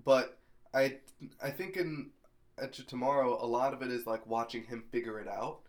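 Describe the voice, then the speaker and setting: A man chatting on a podcast about a movie he has just seen, thinking aloud as he goes. His voice sits at a middle pitch, and the talk is loose and relaxed, with plenty of "like" and "you know". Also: moderate pace. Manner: relaxed and reflective, uses many fillers. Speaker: podcast co-host. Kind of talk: casual movie discussion.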